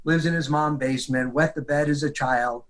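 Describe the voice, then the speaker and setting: A man's voice: a little high, normal speed, low-quality recording. A man retelling a case as a guest, quoting others in vivid detail. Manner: animated retelling, quotes others. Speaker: detective guest. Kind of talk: storytelling in an interview.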